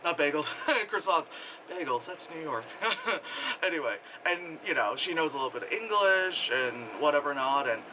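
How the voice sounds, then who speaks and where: A man giving a casual spoken movie review, rambling and excitable, full of fillers and acted-out quotes. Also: fairly high pitch, normal speed, background noise.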